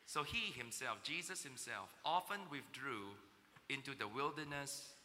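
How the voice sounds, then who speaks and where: A man preaching a sermon, swinging between loud emotional declaiming and hushed, tender passages. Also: medium pitch, expressive, unhurried, a little hiss or hum. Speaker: pastor. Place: church auditorium. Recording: long reverb of a large hall.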